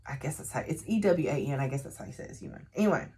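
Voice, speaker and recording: A woman recapping and reviewing a novel in a chatty, animated way, laughing often and using lots of fillers. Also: sits low, fast, slightly rough. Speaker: book reviewer. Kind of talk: casual book recap.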